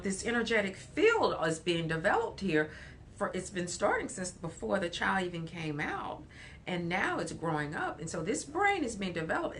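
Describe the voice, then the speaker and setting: Woman counselor on a livestream, animated and storytelling, bright tone, faint hiss behind. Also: lowish voice. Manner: animated storytelling with laughs and repeated phrases. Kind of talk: livestream talk.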